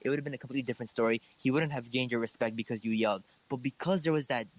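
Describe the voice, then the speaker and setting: A young man co-hosting a relaxed chat, teasing his friend before patiently explaining his reasoning. His voice sits in an ordinary middle pitch. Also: very fast, poor audio. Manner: joking, then calmly explaining his view. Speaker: podcast co-host. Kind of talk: casual chat.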